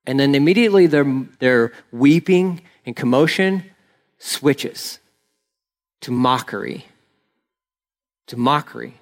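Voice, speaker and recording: A man preaching a sermon, retelling a Bible story in a loose, animated way and acting out the people's lines with rambling asides. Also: medium pitch. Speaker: pastor.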